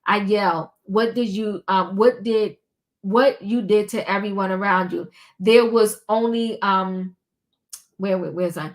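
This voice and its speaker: An older woman talks through a long text in a casual vlog, reading it aloud and stopping often to say um or start a line over. Her voice sits in the middle range for a woman. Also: medium pitch. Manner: halting, with many ums and restarts. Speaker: commentary vlogger.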